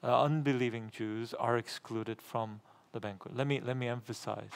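Middle-aged male pastor, preaching emphatically, repeats words, mid-range pitch. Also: fairly even intonation, moderate pace, vocal fry, hardly any pauses. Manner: emphatic, repeats phrases, asks the congregation rhetorical questions; gets louder and higher when reading scripture aloud. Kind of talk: sermon.

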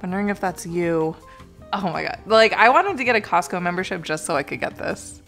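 A woman co-hosting a casual unboxing chat, excitable and gushing, laughing often. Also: on the low side, brisk, gravelly, soft background music. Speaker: co-host.

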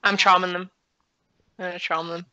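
A woman, playing in a tabletop game, talking quickly and boldly with casual swearing. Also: on the low side, level tone, sharp tone, no echo, dull audio. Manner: quick, bold, swears freely. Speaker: player.

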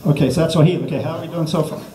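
A man's voice: fairly high pitch, steady tone, rapid-fire, mellow. Rambling man in an echoey room. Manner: rambling, self-interrupting, lots of okays. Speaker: comedic language teacher. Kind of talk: jokey mock language lesson. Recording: echoey room, distant mic.

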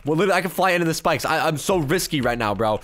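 A young man giving excited gameplay commentary, quick to yell and laugh, with loudness that swings fast. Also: on the high side. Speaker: gaming YouTuber.

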